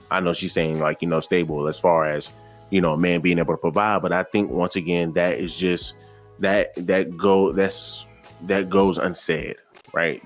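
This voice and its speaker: Very deep-voiced exasperated male commentator. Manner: exasperated, lecturing, repeats himself. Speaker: commentator reacting to a clip. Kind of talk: reaction commentary.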